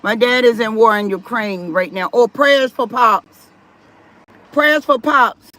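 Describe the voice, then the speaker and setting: A woman's voice: fairly high pitch, measured pace, a bit bright. A woman hosting a live stream, chatting casually with viewers and reading their comments aloud, firm about respect in her chat. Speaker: livestream host.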